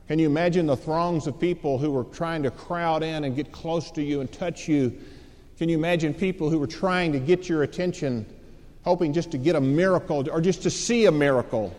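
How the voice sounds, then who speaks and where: A man preaches a sermon, dramatically telling a story and voicing its characters. His voice is slightly high and somewhat mellow, and the recording has a long hall reverb.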